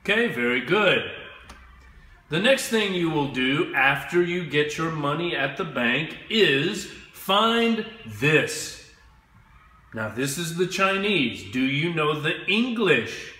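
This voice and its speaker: A man teaching English to children, speaking slowly and clearly and having them repeat words after him. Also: a little high, very animated, bright, forceful tone, reverberant. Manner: slow, clear, drills words for repetition. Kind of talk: slow classroom instruction.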